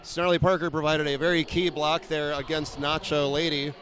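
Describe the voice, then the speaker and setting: A man's voice: fairly high pitch, little pitch movement, fairly bright tone. Wry roller derby announcer, man. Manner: quick, wry, self-deprecating play-by-play with frequent "uh" fillers. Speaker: play-by-play announcer. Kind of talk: live sports commentary.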